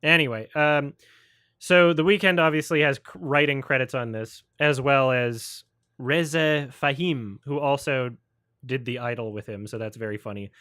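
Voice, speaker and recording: A man hosts a livestream film review chat, ranting sarcastically and profanely about movies and mocking people with put-on quotes. His voice is medium in pitch with a fairly bright tone, and he speaks at a normal speed. The studio sound is clean with no echo.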